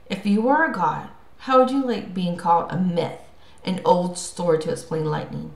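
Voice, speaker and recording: A woman voicing a calm, wise male centaur teacher in an audiobook, speaking gravely and deliberately. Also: lowish voice. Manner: grave, measured. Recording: roomy echo.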